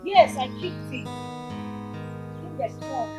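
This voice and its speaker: A wealthy young Nigerian woman, polite and earnest, in a slightly high voice. A clear music score plays behind her. Nollywood film acting. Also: expressive, takes it slowly. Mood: anxious. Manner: anxious, pleading on the phone.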